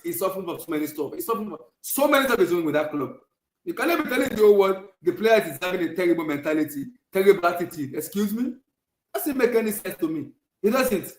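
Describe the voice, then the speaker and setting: A man's voice: sits high, reverberant, rough recording. A man hosting a podcast, ranting heatedly and repeating himself. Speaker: podcast host. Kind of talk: heated football rant.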